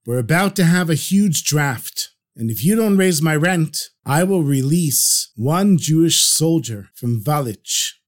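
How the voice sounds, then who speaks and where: A man's voice: on the high side, animated, unhurried, hardly any pauses. Brief: man doing a commanding army general, clipped and stern. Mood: bargaining.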